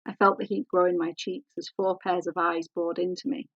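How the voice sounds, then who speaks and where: A woman author reading her novel aloud in a measured, composed way. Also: fairly low pitch, level tone, fairly bright tone, no echo, lo-fi sound.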